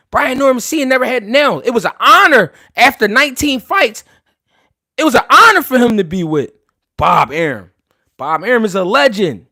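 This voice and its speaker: A man hosting a boxing talk livestream, brash and rapid-fire, full of slang and cursing. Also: very high voice, sharp tone, no room sound, clean studio sound. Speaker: boxing talk show host. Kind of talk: profane livestream commentary.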